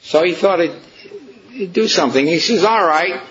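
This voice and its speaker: A man's voice: fairly high pitch, expressive, moderate pace, lo-fi sound. A man preaching a storytelling sermon, emphatic and questioning his listeners.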